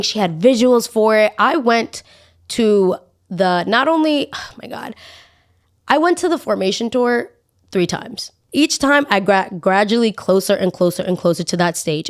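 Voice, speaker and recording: Animated young woman podcast host ranting. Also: medium pitch. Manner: animated, dramatic, exasperated ranting. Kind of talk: casual opinion monologue.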